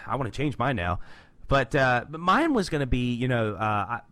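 A man with a medium-pitched, sing-song, fairly bright voice co-hosts a podcast, talking briskly and enthusiastically about a comic book and laughing often in the casual chat.

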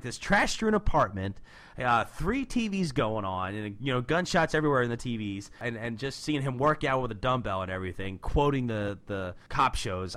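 Lively, animated man chatting about comics. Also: medium pitch. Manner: enthusiastic, laughs often. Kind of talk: casual chat about comics.

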